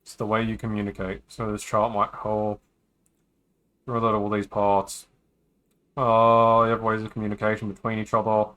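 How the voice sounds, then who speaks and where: On a game stream, a man reads visual novel dialogue aloud in a relaxed way, dropping in jokes between the lines. His voice sits on the low side and stays monotone, smooth and fairly bright, at a moderate pace.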